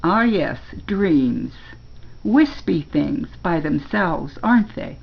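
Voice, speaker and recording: An older woman reading a storybook aloud and voicing a smooth, manipulative male ruler who speaks in a slow, knowing, falsely kind way. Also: on the low side, lively intonation, dull audio, full character voice.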